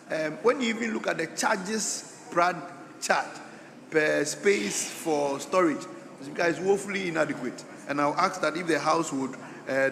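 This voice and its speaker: A man's voice: on the high side, a bit bright, in a large hall. A man with a Ghanaian accent, a member of parliament making a hesitant debate speech full of restarts, in a large chamber. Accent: Ghanaian English.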